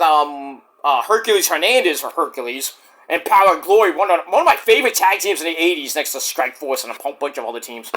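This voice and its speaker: A man's voice: high voice, a bit bright. A man reviewing a wrestling show in casual, rambling, profane chat. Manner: rambling, profane, many fillers.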